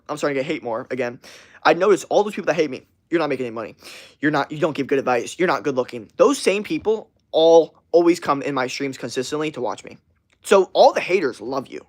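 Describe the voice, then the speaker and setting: Profane young man ranting on a stream. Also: a little high. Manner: profane, ranting, talks straight to viewers. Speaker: livestreamer. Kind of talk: casual livestream chat.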